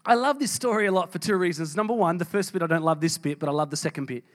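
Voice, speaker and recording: A man's voice: on the high side, fast talker. A man preaching a sermon, reading scripture and speaking with strong emphasis. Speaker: pastor.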